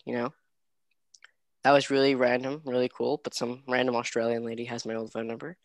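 Young man, gravelly voice, dry close sound, casual animated storytelling. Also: mid-range voice, normal speed, long pauses, dry recording. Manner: animated, acts out quotes, many fillers. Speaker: host telling a story.

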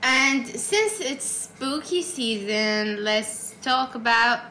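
Bright, lively young woman telling stories. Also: fairly high pitch, drawn-out words, slight background noise. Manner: giggly, teasing storyteller. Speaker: podcast co-host. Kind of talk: casual chat.

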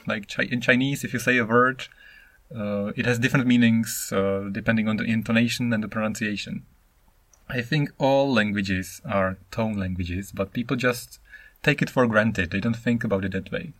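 A man in his thirties from the Czech Republic, a non-native speaker, hosting a solo podcast in a rambling, animated way. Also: fairly low pitch, moderate pace, dry recording. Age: 30s. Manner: rambling, animated, acts out intonations. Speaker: podcast host.

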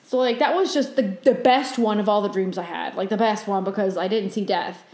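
A woman co-hosting a podcast, telling a dream story in casual chat and acting out her own panicked lines. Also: echoey room. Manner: animated retelling, voices her own panicked quotes high and fast. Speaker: podcast co-host.

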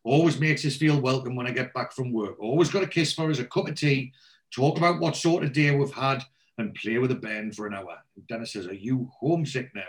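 A man's voice: mid-range voice, a little fast. A man casually recapping a TV episode, quoting the characters' lines with frequent ums and restarts.

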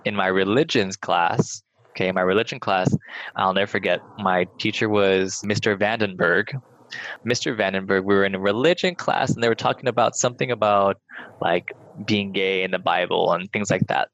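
A man's voice: low voice, moderate pace, fairly bright tone. A young man, a podcast guest, telling personal stories candidly and swearing casually. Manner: frank, casual swearing, lots of "like". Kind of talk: candid storytelling. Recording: slightly muffled, dry.

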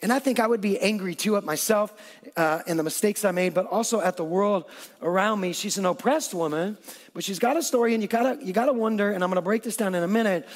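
A man's voice: high-pitched, fast talker, big-room sound. A man preaching a conversational sermon, acting out what people in the story say. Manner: conversational, animated, acts out quotes. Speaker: pastor.

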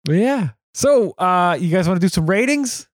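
A man's voice: sits high, expressive, moderate pace, no echo, clean studio sound. A man hosting a podcast, chatting in an upbeat, agreeable and jokey way about a movie. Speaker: podcast host. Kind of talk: casual movie-review chat.

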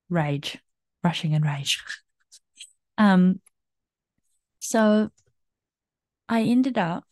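A woman's voice: on the low side, darkish tone, dry recording, studio quality. A young adult woman hosting a podcast, telling a personal story in a chatty, rambling way with many fillers, restarts and laughs. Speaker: podcast host.

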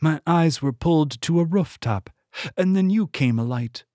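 A man voicing a calm female monarch who speaks in a measured, reverent way. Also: medium pitch, dry recording, studio quality, pitched above the performer's own voice, natural voice.

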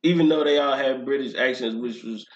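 A young man in casual chat, animated and profane, often breaking into laughter. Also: mid-range voice, brisk. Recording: roomy, slightly dull lo-fi sound.

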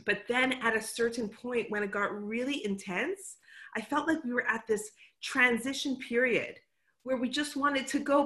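Bright-voiced middle-aged woman host. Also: a little high, normal speed. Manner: reflective, lively when quoting herself. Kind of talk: casual conversation.

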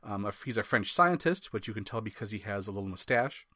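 Wisconsin guy hosting a comics podcast, lowish voice, dry sound, wry and rambly. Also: lively intonation, quick pace, bright, forceful tone, dry recording. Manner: wry, laughs often, rambling asides. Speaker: podcast host. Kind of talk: casual comic book review.

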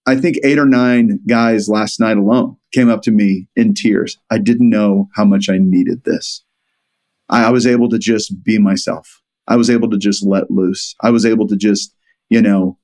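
A man's voice: on the low side, a little mellow. A middle-aged man, a podcast guest, earnestly telling stories and quoting what others said to him. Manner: earnest, retells stories with quoted dialogue. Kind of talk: conversational storytelling.

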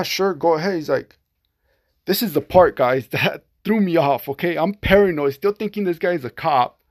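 A man with a slightly higher, gravelly voice tells a personal story in a loose, rambling way. He acts out the back-and-forth of the people in it and leans on plenty of fillers as he goes. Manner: rambling, many fillers, acts out quoted exchanges. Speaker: podcast storyteller. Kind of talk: casual first-person storytelling.

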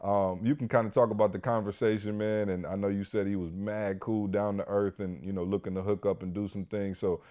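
A man co-hosting a podcast, telling a story in a casual, animated way full of "you know" and "like". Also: lowish voice, fairly quick, hardly any pauses, highs cut off. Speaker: podcast co-host.

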